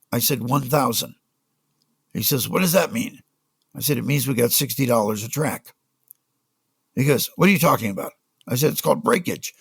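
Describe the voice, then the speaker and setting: An older man, a music business guest on a podcast, telling animated stories and acting out the people he quotes. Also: medium pitch, gravelly, slightly rough, no room sound. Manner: animated anecdotes, acts out quoted voices. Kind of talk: storytelling in a casual interview.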